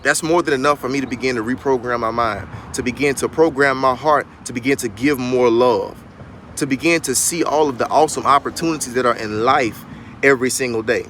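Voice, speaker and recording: Male life coach, young, mid-pitched, preachy and emphatic, livestreaming outside near traffic. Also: fairly quick, fairly bright tone. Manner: preacherly, rising and emphatic, colloquial, addresses viewers as y'all. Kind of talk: motivational livestream talk. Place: outdoors outside a barbershop, traffic nearby.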